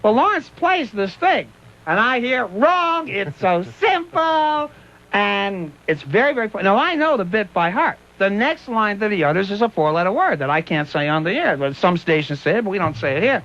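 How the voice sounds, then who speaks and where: Animated radio host man, lively pitch. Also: brisk. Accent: Pittsburgh. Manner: animated, laughing, doing voices in quoted bits. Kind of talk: casual on-air storytelling. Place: radio studio. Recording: dull lo-fi radio broadcast recording.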